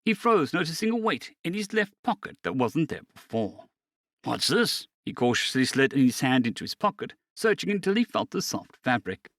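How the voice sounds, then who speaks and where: A male narrator in a steady storytelling manner, with a lively, varied pitch that sits somewhat high for a man. The recording is close and dry. He reads a scripted story. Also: fairly quick, hardly any pauses, dry recording.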